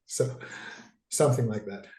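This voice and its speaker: Man, psychiatrist lecturing by video call, digressive, mellow tone, roomy echo. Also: medium pitch, normal speed. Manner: talkative, digressive, with frequent restarts. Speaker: psychiatrist presenting a webinar. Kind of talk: conversational webinar lecture.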